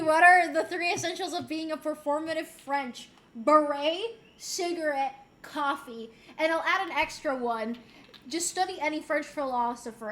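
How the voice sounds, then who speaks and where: A woman's voice: sits high, fairly bright tone. A woman from Puerto Rico streaming and chatting casually with viewers, playful and giggly, dropping in Spanish and French phrases. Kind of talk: casual chat reading viewer messages.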